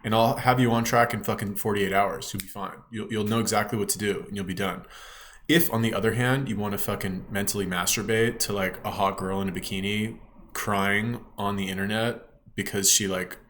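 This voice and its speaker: A man's voice: on the low side, steady tone, brisk, a bit bright, slight background noise. A man giving a ranting reaction commentary as a YouTube commentator, blunt, scornful and swearing often.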